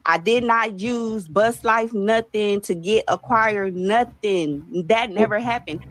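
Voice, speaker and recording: A woman's voice: mid-range voice, takes it slowly, no echo. A woman content creator explaining herself defensively in a casual, matter-of-fact way, heard in a played video clip.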